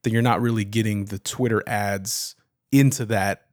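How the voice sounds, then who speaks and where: A man's voice: on the low side, steady tone, normal speed, no echo, studio quality. A man co-hosting a podcast, explaining things in a casual, rambling way with frequent restarts. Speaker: podcast co-host. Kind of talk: casual chat.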